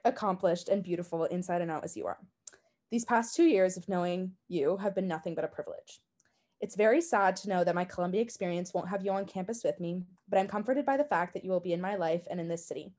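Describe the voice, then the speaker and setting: A young woman in her twenties reads a tribute to a graduating friend at a quick clip. Her tone is affectionate, with a touch of teasing. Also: fairly low pitch. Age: 20s. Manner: warm and fond, mildly teasing, read out. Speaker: a cappella group member giving a senior tribute. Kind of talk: heartfelt tribute speech.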